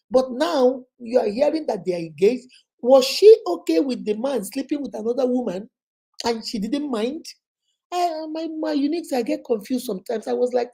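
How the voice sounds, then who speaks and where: Nigerian woman, live-stream host, slightly hoarse, fairly high voice, mellow tone. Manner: chatty, greets viewers by name. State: voice going hoarse with a cold. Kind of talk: casual live-stream chat.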